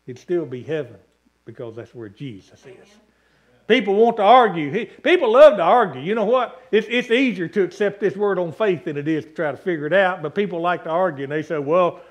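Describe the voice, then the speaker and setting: High-voiced preacher calling out lists. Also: male voice, animated, fairly quick. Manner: emphatic preaching with long repeated lists and calls for amen. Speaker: pastor. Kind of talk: sermon. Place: church sanctuary.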